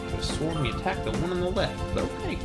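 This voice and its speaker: A man hosts a let's play, giving hype, slangy game commentary. His pitch swings widely as he reacts to the game. Loud game music runs under his voice. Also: very animated, fast.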